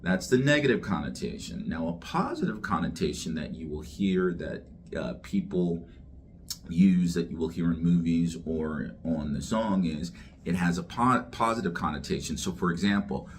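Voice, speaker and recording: A man teaching English slang, speaking slowly and deliberately, repeating each word for learners. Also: deep voice, animated, slight background noise. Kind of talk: slang vocabulary lesson to camera.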